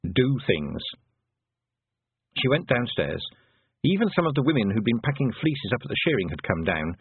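A man reading a novel aloud as narrator, in a measured storytelling way. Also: mid-range voice, big pitch swings, husky, no echo. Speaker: audiobook narrator. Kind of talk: scripted narration. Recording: dry, phone-like narrow sound.

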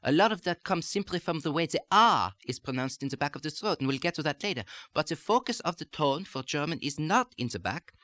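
Measured American dialect coach, dry sound. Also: male voice, on the high side, lively intonation, a bit bright, no room sound. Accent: General American. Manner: measured, explanatory, carefully articulated. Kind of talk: recorded instructional lesson.

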